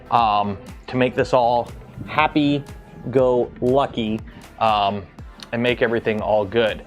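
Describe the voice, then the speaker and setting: A man's voice: medium pitch, animated, unhurried, soft background music. A man from Canada hosting a casual livestream in his garage, rambling and breaking off to answer chat as he works. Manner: rambling, self-interrupting, reads chat aloud. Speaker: livestream host. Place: home garage.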